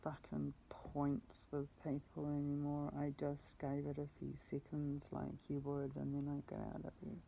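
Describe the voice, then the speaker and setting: A woman's voice: low voice, completely flat delivery, measured pace, vocal fry, few pauses, dark tone, slight background noise, poor audio. A woman telling a personal story in a meandering way, often correcting herself and swearing casually. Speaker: vlogger.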